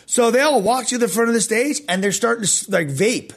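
Animated man telling a story on a podcast. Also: very high-pitched, brisk. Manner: animated, loose slangy talk with many fillers. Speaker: podcast host. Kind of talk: casual storytelling testimony.

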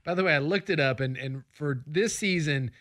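A man's voice: a little high, moderate pace, fairly bright tone. A man co-hosting a casual sports chat, tossing out playful, jokey hot takes. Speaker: podcast co-host.

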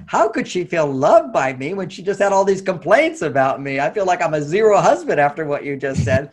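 Middle-aged male therapist, animated storyteller; slightly high, husky voice with fry. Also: moderate pace. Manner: animated storytelling, acting out quotes. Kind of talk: storytelling talk.

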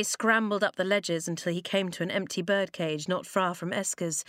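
A woman narrating a children's novel in an even, expressive storytelling manner. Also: fairly low pitch, moderate pace, few pauses, no room sound, studio quality. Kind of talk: audiobook reading of a children's novel.

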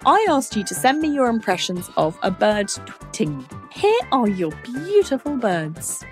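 A woman hosting a children's science podcast, explaining things to young listeners in a playful, animated way. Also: a little high, measured pace, faint music behind.

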